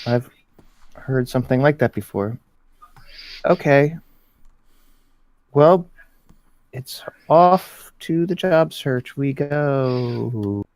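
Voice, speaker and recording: A man's voice: mid-range voice, expressive, extremely slow, pauses often, a little mellow, no echo, low-quality recording. A man playing a tabletop game, chatting in a playful, giggly way. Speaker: player. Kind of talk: casual tabletop game chat.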